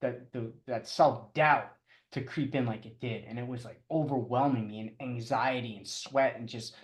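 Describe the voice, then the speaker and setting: A middle-aged man telling his story as a podcast guest, halting and restarting often, with chuckles. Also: medium pitch, fairly even intonation, roomy sound. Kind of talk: casual storytelling interview.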